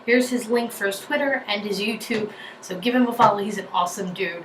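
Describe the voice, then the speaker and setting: A chatty young woman with a New York accent talks to her viewers in a bubbly, rambling way. Her voice sounds a little distant from the mic in an echoey room. A steady background hiss runs under everything. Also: medium pitch, brisk. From New Jersey. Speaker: YouTuber. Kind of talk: casual vlog chat.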